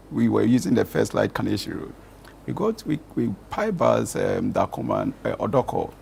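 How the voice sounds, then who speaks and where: A man's voice: mid-range voice, vocal fry, a little hiss or hum. A man, a talk show guest, earnestly telling stories and giving advice. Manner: earnest, storytelling, gently counselling.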